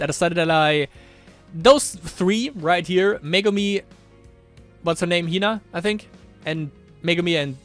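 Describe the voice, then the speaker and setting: Animated man reading a visual novel. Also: a little high. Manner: animated, laughs often, rambling asides. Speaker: let's play gamer. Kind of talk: casual game commentary and reading aloud.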